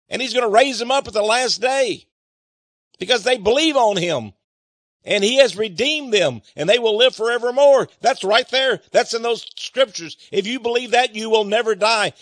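A man's voice: sits high, fairly bright tone, no echo, studio quality. A man preaching and commenting on Bible verses, with emphatic rhetorical questions. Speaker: Bible teacher. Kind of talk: sermon-style Bible reading and commentary.

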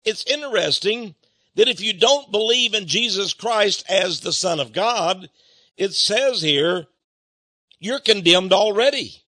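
An older man preaching a sermon in an animated way, acting out quoted people and swinging between loud and soft. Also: high-pitched, measured pace, dry recording, studio quality.

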